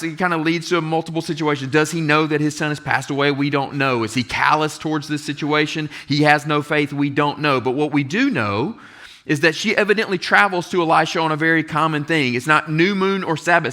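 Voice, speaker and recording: A man's voice: fairly high pitch, moderate pace, pushed and bright. A man preaching to his congregation in a church sanctuary. He reads scripture aloud and slips into the voices of the people in the story. His delivery is earnest throughout. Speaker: pastor. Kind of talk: sermon.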